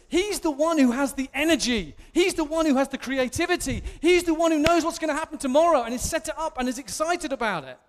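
English pastor, 30s, high voice, animated sermon, self-mocking, reverb from a big hall. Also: male voice. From England.

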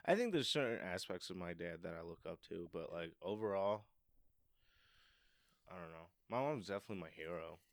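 A man co-hosting a podcast in casual chat, joking and relaxed, reading plugs. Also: low-pitched, brisk, no echo. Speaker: podcast co-host.

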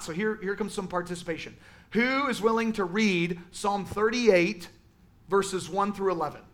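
A man teaching a Sunday school class in a casual, animated way, with lots of fillers. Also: high voice. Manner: animated, conversational, many fillers. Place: church classroom.

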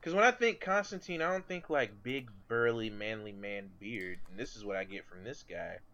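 A man's voice: on the low side, expressive, normal speed, sharp tone, lo-fi sound. A man co-hosting a podcast in loose, casual chat, swearing and correcting himself as he goes. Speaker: podcast co-host.

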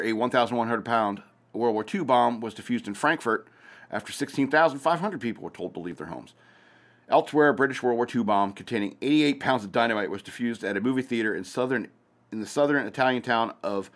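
A man's voice: medium pitch, fairly quick. A man hosting a casual news commentary show, reading headlines aloud with hesitant fillers and breaking off into sarcastic asides. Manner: hesitant, many fillers and restarts while reading.

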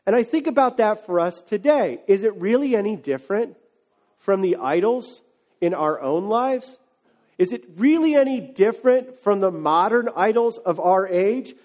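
A male pastor with a high-pitched voice delivers a sermon. He speaks casually and conversationally, with lively asides, and builds to fervent, emphatic preaching. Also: moderate pace.

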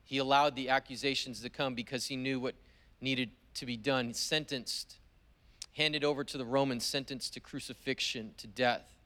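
Male pastor, mid-pitched voice, slow emphatic sermon delivery, vivid storyteller with long pauses. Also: steady tone, bright, forceful tone.

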